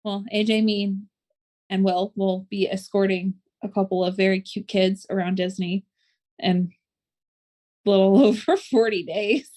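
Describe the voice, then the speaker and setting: A woman's voice: medium pitch, steady tone, unhurried, warm tone. A woman co-hosting a casual podcast chat, running through plugs with plenty of "um" fillers. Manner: chatty, many "um" fillers, doing show plugs. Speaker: podcast co-host.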